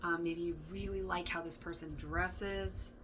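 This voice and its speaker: A woman's voice: on the low side, fairly even intonation, a little slow, noisy background. A woman giving a casual tarot reading, rambling and thinking aloud, with laughs and the odd swear word. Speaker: tarot reader. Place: indoor room with a fan running.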